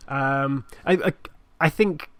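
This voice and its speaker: A young man co-hosting a gaming podcast who tells a story in a lively, casual way and acts out voices. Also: medium pitch, takes it slowly, no room sound. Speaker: podcast co-host. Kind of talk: casual chat recounting a game session.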